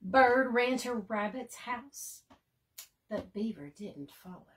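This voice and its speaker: Slow, gentle woman reading a bedtime story. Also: a little high, slight background noise. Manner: gentle, slow and expressive, sinking to a soft hush. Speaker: children's librarian. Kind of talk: bedtime storybook read-aloud.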